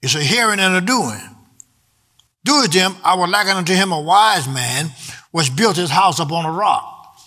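Animated and at a normal pace, a man preaches in a bright, pushed, high voice. The sermon moves rhythmically, drifting into half-song, with key words lengthened for emphasis.

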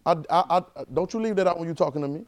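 Man preaching, fairly high voice. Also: rapid-fire. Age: 30s. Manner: call-and-response with the congregation, conversational and emphatic. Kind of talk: sermon.

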